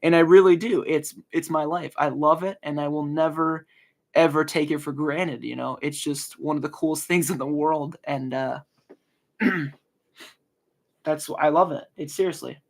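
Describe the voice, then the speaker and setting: Gravelly, earnest young man rambling. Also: a little high, fairly even intonation, measured pace. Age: early 20s. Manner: rambling, earnest, many fillers and restarts. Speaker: podcast host. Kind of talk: casual solo podcast talk.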